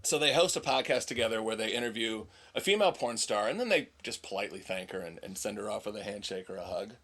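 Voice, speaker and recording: A man's voice: fairly low pitch, expressive, fast, a bit bright. A man co-hosting a casual podcast chat, joking as he reads out news stories. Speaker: podcast co-host.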